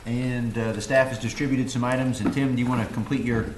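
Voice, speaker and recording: A man's voice: mid-range voice, steady tone. Man chairing a meeting, echoey room. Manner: brisk, procedural. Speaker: board chair. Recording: echoey room with background noise.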